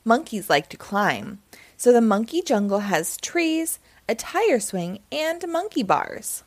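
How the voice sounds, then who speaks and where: Eager cartoon boy, upbeat helper, read by a woman; slow and lively. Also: a little high, dry recording, full character voice. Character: eager cartoon boy who builds things.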